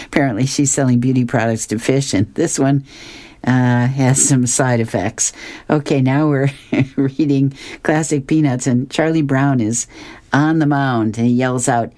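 A woman's voice: extremely low pitch, fairly even intonation, normal speed, darkish tone. A woman reading newspaper comic strips aloud on the radio, amused and laughing often as she acts out the characters' lines.

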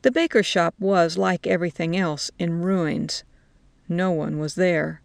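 Slow gravelly woman narrator. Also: lowish voice, dry recording. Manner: slow, measured. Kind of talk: storybook narration.

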